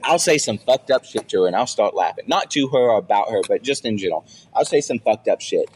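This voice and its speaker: A young man on a casual podcast, swearing a lot and joking as he tells stories, now and then jumping up high to act out other people. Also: animated, fast talker, slight background noise. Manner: profane, jokey storytelling with loud high-pitched bits when he acts out others. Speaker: podcast co-host.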